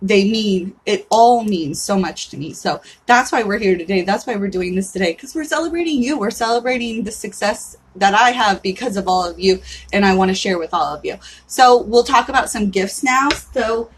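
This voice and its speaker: A woman's voice: medium pitch, animated, moderate pace, husky. A woman in her thirties hosting a casual livestream, chatty and candid, often saying "like" and swearing in passing. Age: 30s. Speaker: livestream host.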